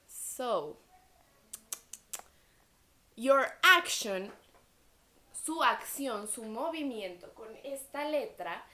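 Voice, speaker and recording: A woman teaching young children letter sounds, slowly repeating each sound for them to echo. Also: a little high, bright, forceful tone. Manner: switches between English and Spanish. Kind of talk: phonics lesson for young children.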